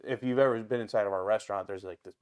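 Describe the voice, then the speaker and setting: A man with an Ohio accent, a restaurant owner and guest, telling stories in an animated, casual way and swearing freely. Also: fairly low pitch, rapid-fire, clear, resonant tone. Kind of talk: casual storytelling.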